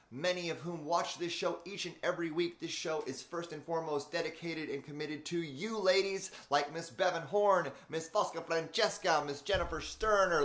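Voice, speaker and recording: A man's voice: on the high side, bright, forceful tone. A man hosting a live motivational stream, chatting loosely and greeting viewers by name. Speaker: host, transformational speaker and coach. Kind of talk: unscripted live-stream talk. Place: room in a new house being made into a studio. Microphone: camera framing, live stream. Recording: echoey, mostly empty room.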